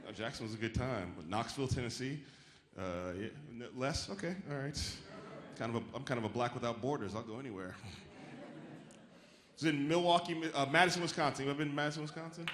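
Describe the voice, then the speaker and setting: A man's voice: medium pitch, fast talker, fairly bright tone. A man doing a stand-up comedy set on a theater stage, talking casually and riffing with the audience, now and then mimicking chirpy voices. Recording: roomy live hall with faint crowd noise. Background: audience laughter.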